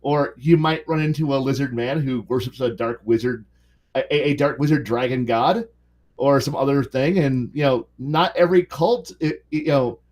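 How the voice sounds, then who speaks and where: Rambling through many restarts and fillers, a man co-hosts a laid-back tabletop role-playing game podcast. He speaks at a medium pitch.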